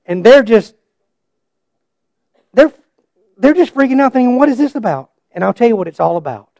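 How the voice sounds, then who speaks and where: A middle-aged man preaching a sermon and telling his own story, swinging between loud bursts and hushed asides. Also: very high voice, expressive, normal speed, vocal fry, no echo. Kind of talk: sermon with personal testimony.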